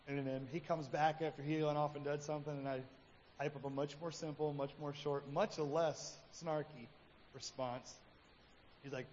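A man with a fairly high voice preaches a sermon in a relaxed, conversational way, slipping into the voices of the people in his stories. The recording is dull and lo-fi, with a long hall reverb and faint noise behind him. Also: moderate pace. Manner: conversational preaching, acts out his own quotes. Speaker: pastor.

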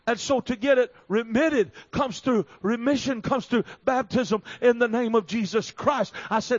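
Fervent male preacher, high voice, dry sound, dull recording. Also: moderate pace, few pauses, no echo. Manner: fervent, builds to emphatic shouting. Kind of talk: revival sermon.

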